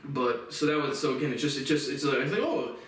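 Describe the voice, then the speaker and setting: Agitated man in his twenties, profane rant, distant mic, boomy reverb. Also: lively intonation, fast talker. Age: 20s. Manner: agitated, swearing, voice rising into shouts. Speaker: vlogger. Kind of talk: angry profane rant to camera. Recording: very echoey room, far from mic.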